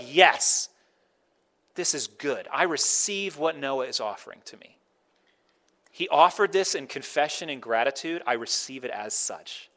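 A man's voice: high-pitched, a bit bright. A man preaching a sermon in a conversational way, often slipping into quoted voices to make his point. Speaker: pastor.

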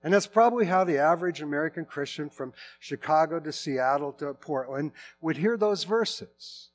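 A middle-aged man preaching in a relaxed, conversational sermon, often restarting and correcting himself mid-sentence. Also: fairly high pitch, moderate pace, a little hiss or hum. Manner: informal, with frequent restarts and self-corrections. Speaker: pastor.

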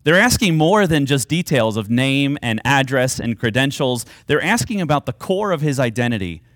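A man preaching a sermon, earnest and emphatic, with dramatic pauses on key phrases. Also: mid-range voice, sing-song, a bit bright, no room sound, studio quality. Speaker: pastor.

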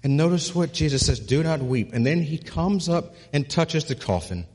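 A male pastor delivers a sermon in a church sanctuary. His voice is husky and a touch breathy, and it carries a long reverb through the big room. He repeats words as he builds to a point, then drops low and soft on the key lines. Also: animated, normal speed.

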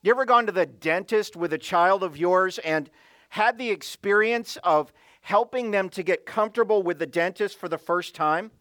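A male pastor with a high voice delivers a sermon. He tells a story from home and keeps putting questions to his listeners. The sound is close and dry, with little room around it. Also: moderate pace, a bit bright, dry recording. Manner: storytelling, asks the audience questions.

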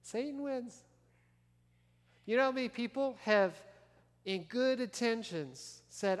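A man's voice: extremely high pitch, animated, slow pace, pauses often. Man preaching in an echoing church hall. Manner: conversational preaching, asks the congregation questions. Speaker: pastor. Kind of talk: sermon. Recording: long reverb of a large church hall.

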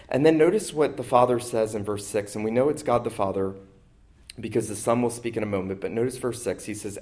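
A man preaching a sermon, rising in force on key phrases and slowing down to stress quoted verses. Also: on the low side, a little mellow.

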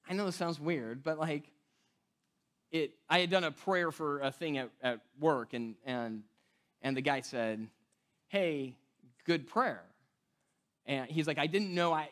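A man preaching a sermon as pastor, casual and conversational, often asking "right?" and acting out the people he quotes. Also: high-pitched. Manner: animated storytelling, acting out quoted voices.

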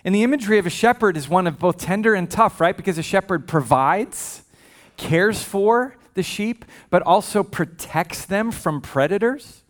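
A male pastor preaching a sermon in a conversational, humorous way, with frequent asides. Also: high voice.

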